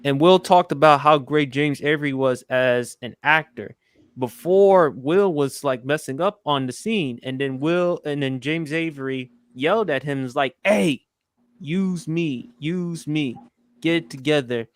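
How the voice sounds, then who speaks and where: A man's voice: a little high, moderate pace, smooth, dry recording. A man hosting a casual podcast who asks the others questions and tells anecdotes. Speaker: podcast host.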